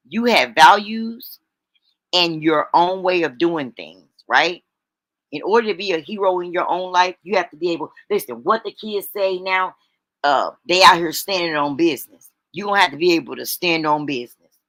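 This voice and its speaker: A woman hosts a casual motivational live stream in a bright, forward voice. Her talk is chatty and folksy, and she often turns back to her listeners to check in. The sound is dry and close, with no room echo. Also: fairly low pitch, expressive, moderate pace. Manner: chatty, folksy, keeps checking in with "right?" and "y'all". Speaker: livestream host. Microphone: streaming setup microphone.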